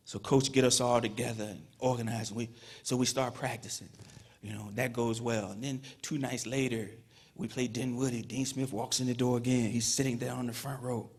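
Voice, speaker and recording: In a husky, mid-range voice, a Petersburg, Virginia man addresses a ceremony hall audience at his Hall of Fame induction. His speech is casual storytelling packed with "you know" fillers.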